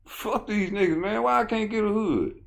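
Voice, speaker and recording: A man's voice: high-pitched, normal speed, gravelly, pitched above the performer's own voice. A man voicing a whiny young man who is desperate to fit in, profane and indignant.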